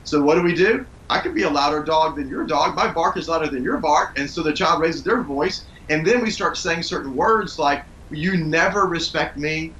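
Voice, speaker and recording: A man in his forties, talking in an earnest, calm way as he gives parenting advice and tells a family story in an interview. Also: on the high side, fairly quick, hardly any pauses, highs cut off, slight background noise. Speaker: parenting guest.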